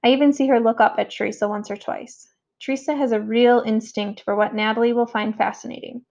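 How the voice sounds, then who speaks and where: Woman audiobook narrator, first-person story, gravelly, slightly high voice, dull lo-fi sound. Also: steady tone, fairly quick, a little mellow.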